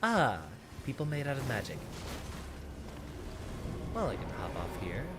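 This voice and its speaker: A man from Texas streaming a video game in a put-on teacher persona voice, thinking aloud in relaxed, chatty commentary. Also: medium pitch, measured pace. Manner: performs a put-on teacher persona voice rather than his real one. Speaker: VTuber streamer. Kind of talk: casual gameplay commentary. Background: game music.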